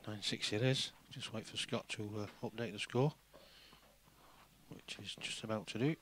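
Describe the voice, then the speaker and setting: This is a man co-commentating on a live pool broadcast. He talks in a steady, matter-of-fact way, and his voice sits fairly low. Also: normal speed, a little hiss or hum.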